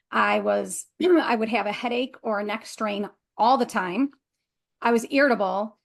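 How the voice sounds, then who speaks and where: Measured middle-aged woman recounting her story. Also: a little high, vocal fry. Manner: measured and reflective, with frequent ums. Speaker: guest, clinical therapist and coach. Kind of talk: interview answer, personal story.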